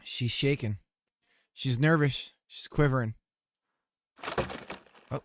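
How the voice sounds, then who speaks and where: A man with a medium-pitched voice talks slowly while building a game on a live stream, thinking out loud and chatting casually with viewers as he codes. He often trails off mid-sentence. The recording is dry and clean, with studio quality.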